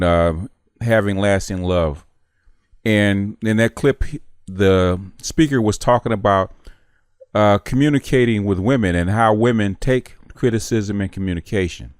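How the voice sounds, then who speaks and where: A man hosting his own channel, commenting in a measured way with frequent pauses. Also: on the low side, no echo, clean studio sound. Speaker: channel host. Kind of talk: casual video commentary.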